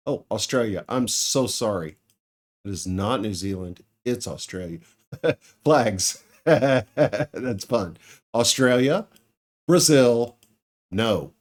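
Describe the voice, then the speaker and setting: A man's voice: lowish voice, lively intonation, slow pace, long pauses. A man giving casual commentary over his farming game, musing aloud and chuckling now and then. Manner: musing aloud, thinking out loud with small laughs. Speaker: let's play gamer.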